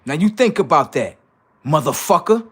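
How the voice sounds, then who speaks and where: Man on a livestream, profane rant, taunting and heated, slightly higher voice with big swings in pitch. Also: very animated, normal speed, slightly rough. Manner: heated, taunting, swings between loud jeers and low asides. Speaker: livestream host.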